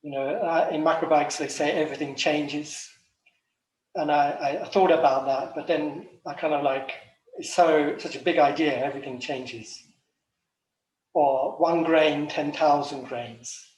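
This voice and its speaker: English man, fairly high voice, loose reflective talk full of ums, echoey room, set back from the mic. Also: fairly even intonation, measured pace, a little mellow, far from the mic. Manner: rambling, many ums and restarts. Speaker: macrobiotic chef and retreat director. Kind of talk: casual reflective talk at an online forum.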